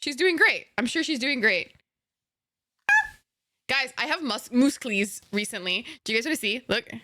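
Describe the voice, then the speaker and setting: A playful young woman from Egypt chats with her stream audience in a fairly high voice. She giggles often and swears freely in slangy asides. Her voice is close and dry, with no room sound. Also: lively intonation, normal speed, bright, forceful tone, dry recording. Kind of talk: casual gaming stream chat with viewers.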